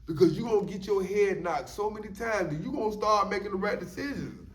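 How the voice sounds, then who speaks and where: A man's voice: sits high, a little fast, fairly bright tone, far from the mic. A man telling stories from prison in a loose, casual way, often saying "you know what I'm saying". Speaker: storyteller sharing his prison experience. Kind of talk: casual storytelling monologue. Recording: echoey room, voice a bit off-mic.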